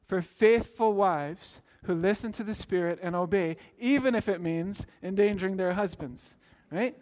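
A man with a notably high speaking voice delivers a sermon as pastor. He tells stories plainly, then lifts into earnest, emphatic calls to his listeners. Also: normal speed, hardly any pauses. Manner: earnest preaching with rising emphatic exclamations.

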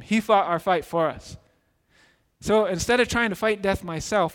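A man preaching a sermon as pastor, earnest and emphatic, dropping softer on key phrases. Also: sits high, normal speed. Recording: long reverb in a large hall.

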